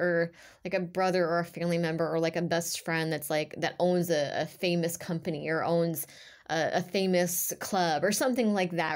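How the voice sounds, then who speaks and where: A woman giving an intuitive tarot reading to camera, rambling and emotional, with frequent fillers and restarts. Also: lowish voice. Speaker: tarot reader.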